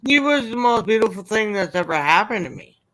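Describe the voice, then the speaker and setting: A man in an emotional interview, speaking in halting, repeated phrases as he holds back tears. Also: high-pitched, animated, fairly bright tone, slight background noise, low-quality recording. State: near tears.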